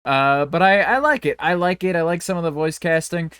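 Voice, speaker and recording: A man's voice: a little high, animated, a little fast, fairly bright tone, clear, resonant tone, dry recording, studio quality. A man co-hosting a podcast in casual chat, rambling and swearing, often breaking off and restarting his sentences. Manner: rambling, profane, self-interrupting. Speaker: podcast co-host.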